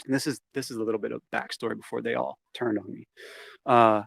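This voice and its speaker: A man's voice: mid-range voice, steady tone, quick pace, gravelly, fairly bright tone, breathy edge. A man telling a story from his past in a casual interview. He swears freely and acts out the quoted lines as he goes. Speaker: interview guest.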